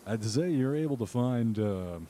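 A young man narrating as game master, relaxed and halting, with many fillers. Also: mid-range voice, a little hiss or hum.

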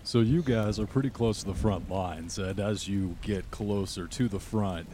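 A man with a very deep voice runs a tabletop game, describing scenes at an easy pace with the odd filler. Rain and thunder are clearly heard behind him. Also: moderate pace, noisy background. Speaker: game master.

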